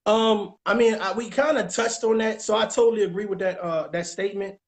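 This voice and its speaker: A man's voice: sits high, brisk. Guy doing relationship coaching, talks emphatic, repeats himself a lot, keeps going "you understand". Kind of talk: casual advice talk.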